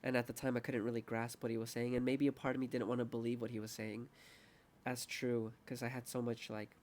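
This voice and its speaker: A man's voice: medium pitch, level tone, a little fast, a little mellow. A young man hosting a casual podcast chat, rambling and self-mocking, laughing often and acting out quoted voices. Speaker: podcast host.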